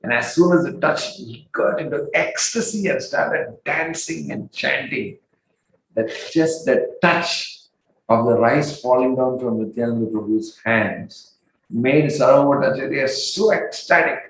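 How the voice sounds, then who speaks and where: A man tells a sacred story as a festival sermon, leaning into each moment like a practiced storyteller. His voice sits at an ordinary middle pitch. The sound carries a noticeable room echo, as if recorded in a hall. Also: a little slow, slight background noise. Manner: animated storyteller, acts out quoted dialogue with rising pitch and volume. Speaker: swami giving a festival discourse. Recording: roomy, echoey hall sound.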